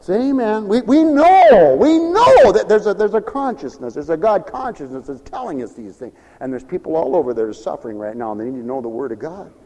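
A man with a high, lively voice preaches a sermon in a church hall, swinging his pitch widely and acting out other people's voices. His words ring with a long hall reverb, and he now and then rises to a shout for emphasis. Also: fairly quick, hardly any pauses.

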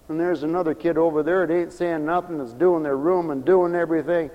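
Fiery high-voiced preacher in a reverberant hall. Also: male voice, steady tone, a little fast, hardly any pauses. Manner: fervent, swings from shouting to low confiding tones. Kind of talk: fiery sermon. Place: church hall, also broadcast on radio.

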